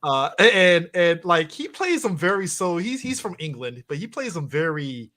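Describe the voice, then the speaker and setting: Man, bright tone, slightly high, animated profane podcast chat. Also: normal speed. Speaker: podcast co-host. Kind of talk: casual chat.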